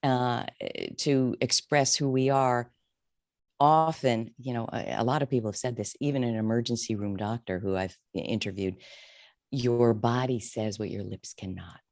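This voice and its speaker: A woman's voice: moderate pace, a little mellow, no echo. Candid woman coach, dry close sound. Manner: candid, emotional, wide swings in pitch. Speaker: career coach guest. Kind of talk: interview storytelling.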